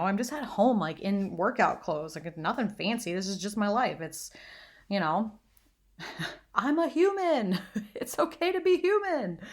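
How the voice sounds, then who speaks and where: A woman from the American Midwest, in her thirties, hosting a solo podcast and talking candidly with casual swearing and self-deprecating humor. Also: mid-range voice. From Northwest Iowa, USA. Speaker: podcast host and confidence coach.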